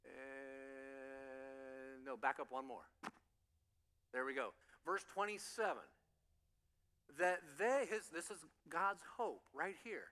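A man preaching a sermon to a congregation in animated storytelling style, acting out voices and chuckling along the way. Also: mid-range voice, slow pace, clean tone, in a large hall. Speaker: pastor. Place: church sanctuary.

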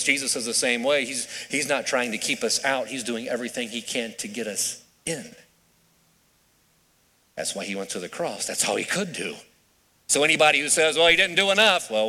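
A man's voice: medium pitch, sharp tone. A man preaching a sermon in a conversational way, asking his congregation questions as he goes. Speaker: pastor. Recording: reverberant hall.

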